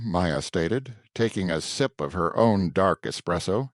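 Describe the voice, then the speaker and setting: A man reads a scripted story in an even, descriptive way. His voice is deep, and his delivery is animated and lively. The recording is dry and close, with no echo. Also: unhurried, few pauses. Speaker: narrator.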